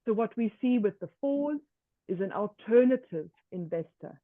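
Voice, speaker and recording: A woman presenting a workshop lecture in a measured way, often slipping into first-person examples. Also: mid-range voice, lively intonation, no room sound. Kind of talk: online lecture. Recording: tinny dry call audio.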